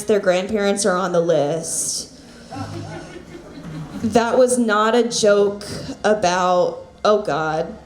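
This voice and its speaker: Slow, awkward young woman comic. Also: medium pitch. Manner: awkward, self-deprecating, hesitant fillers. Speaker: stand-up comic. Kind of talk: open-mic stand-up set. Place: small comedy bar stage. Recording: echoey bar room.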